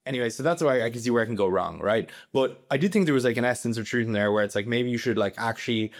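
A young Irish man in a casual podcast interview, rambling with lots of "like" and "you know". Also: medium pitch. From Ireland. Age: young adult. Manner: rapid, rambling, heavy use of "like" and "you know".

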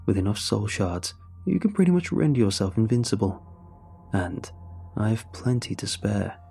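A man's voice: fairly low pitch, expressive, moderate pace, vocal fry, mellow, faint music behind. A man voicing a smug, cruel middle-aged male witch who mocks his captives. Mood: gloating. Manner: mocking, theatrical, gloating.

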